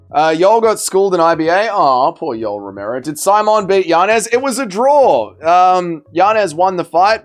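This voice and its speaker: A man hosting a casual fight livestream, bantering with chat, reading out messages and swearing freely. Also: high voice. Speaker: livestream host.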